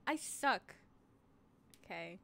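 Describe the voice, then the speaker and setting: Woman streamer, playful and giggly, slow easy delivery, a faint noise floor. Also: mid-range voice, lively intonation, a bit bright. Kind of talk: casual gaming stream chat.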